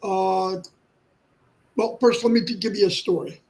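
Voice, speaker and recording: A man in his sixties talking candidly to his livestream viewers, halting and restarting often. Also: high voice, fairly even intonation, darkish tone, low-quality recording. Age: 60s. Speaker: livestream host. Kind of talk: personal talk to viewers.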